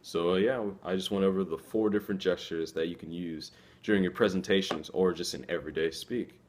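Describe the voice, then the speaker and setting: A young man with a very deep voice talks through his points in an easygoing, conversational way. He speaks as a student presenter and slips into short acted-out lines to make each example land. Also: fairly quick, darkish tone, slight background noise. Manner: loose and conversational, acts out little quoted lines. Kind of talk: casual explanatory talk.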